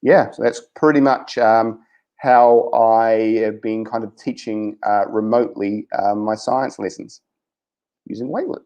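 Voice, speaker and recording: A man's voice: fairly low pitch, fairly even intonation, unhurried, a little mellow, lo-fi sound. A man with a New Zealand accent, a science teacher, speaking hesitantly with many ums on a video-call webinar. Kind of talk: webinar chat about remote teaching.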